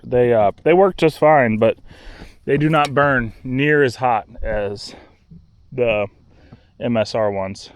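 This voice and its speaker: A man's voice: mid-range voice, a little mellow. A man casually narrating his kayak trip outdoors, easygoing and rambling with fillers. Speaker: kayaking vlogger. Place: outdoors on a river island and kayak. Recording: faint outdoor noise.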